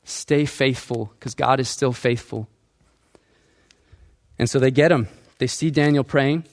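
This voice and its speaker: A man's voice: medium pitch, measured pace. A male pastor preaching a sermon, asking the congregation questions and acting out quoted lines.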